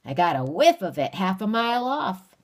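A woman's voice: mid-range voice, very animated, moderate pace, pitched above the performer's own voice. Woman voicing a sly, cheerful backwoods stranger. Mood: folksy coaxing. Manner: folksy drawl.

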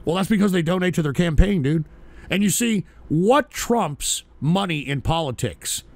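A male show host with a high-pitched, gravelly voice, recorded dry and close. He rants bluntly and profanely, and his talk keeps breaking into loud shouting. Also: animated, normal speed, no echo. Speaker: host of a call-in politics show. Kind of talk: casual livestream rant.

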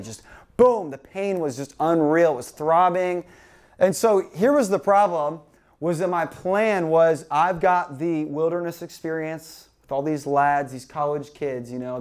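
A young man preaching, telling a funny story about himself in a lively way and acting out his own panic. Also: high-pitched. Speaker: pastor. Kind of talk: storytelling sermon.

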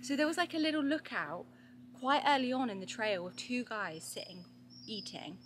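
A woman's voice: fairly high pitch, expressive, normal speed, fairly bright tone, a little hiss or hum. A woman co-hosting a casual travel vlog on a forest hiking trail, bubbly and giggly and a little out of breath. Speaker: travel vlogger co-host.

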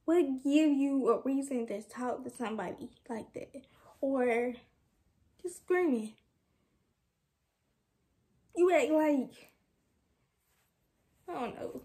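High-voiced young woman venting frustration. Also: slow pace, long pauses, mellow. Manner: frustrated, candid, rambling with restarts. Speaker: vlogger. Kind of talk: casual venting to camera.

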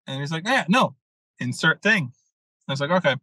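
A man's voice: a little high, expressive, a little fast, pauses often, pushed and bright, dry recording, poor audio. A young adult man, a mentor, telling a story in a casual podcast talk, acting out quotes and swearing freely. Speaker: masculine leadership mentor, guest.

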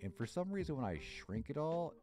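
A man's voice: fairly high pitch, big pitch swings, brisk, darkish tone, soft background music. A man livestreaming on a headset, thinking aloud as he works and swearing freely. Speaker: streamer. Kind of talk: casual livestream chat while working.

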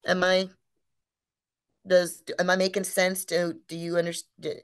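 A woman co-hosting a business webinar, explaining branding in a casual, animated way and asking rhetorical questions. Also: fairly low pitch, unhurried, clear, resonant tone. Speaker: webinar co-host.

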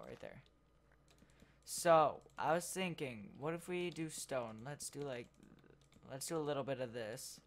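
Unhurried, mid-pitched game commentator, rambling and self-interrupting. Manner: rambling, thinks out loud, trails off mid-sentence. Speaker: gameplay video host. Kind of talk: casual commentary while building in a game.

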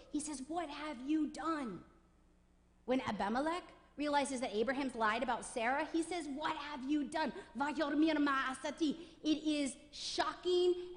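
Woman preaching in a reverberant church. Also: fairly high pitch. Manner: emphatic, rising to forceful peaks on repeated phrases. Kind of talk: sermon. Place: church sanctuary.

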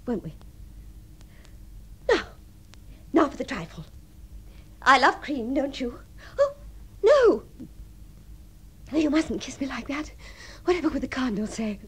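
Brief: high, very animated refined, lonely fantasist in a radio play, breathy and giddy. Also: female voice, moderate pace, long pauses, exaggerated voice. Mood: dreamy, coy. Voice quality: refined, swings between breathy tenderness and giddy excitement. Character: deluded lonely upper-class spinster dreaming of marriage. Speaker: the Princess. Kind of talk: radio drama acting.

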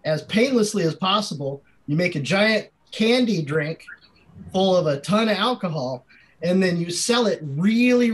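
Guy with a high voice riffing on a comedy panel, deadpan, rambling. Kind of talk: improvised comedy chat.

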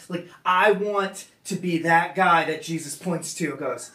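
High-voiced preaching man, roomy and distant. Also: measured pace, hardly any pauses. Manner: conversational preaching, quoting God in a hushed lower voice. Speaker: pastor. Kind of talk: sermon. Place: church meeting room. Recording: roomy sound from a distant mic.

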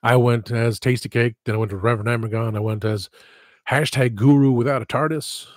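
A man's voice: mid-range voice, fairly even intonation, fairly quick, no room sound, clean studio sound. A man hosting a livestream, chatting in a rambling, digressive and self-deprecating way. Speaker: livestream host. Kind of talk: casual livestream chat.

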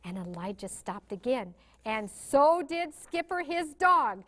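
Lively high-voiced woman storyteller. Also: slow. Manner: animated, asks children questions, gasps for suspense. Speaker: children's storyteller. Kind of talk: reading a story aloud to young children.

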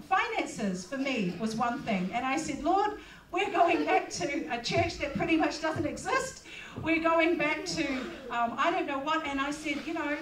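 A woman's voice: sits high, fairly bright tone, slight background noise. A middle-aged woman pastor, preaching in a personal, conversational way with plenty of fillers. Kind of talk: sermon. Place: church hall. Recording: echoey hall, distant mic.

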